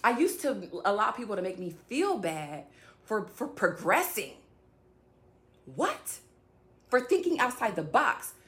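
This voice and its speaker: A woman's voice: medium pitch, big pitch swings, measured pace, long pauses, fairly bright tone. Woman, faith vlogger, rambling casual chat to camera. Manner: chatty, rambling, addresses viewers directly.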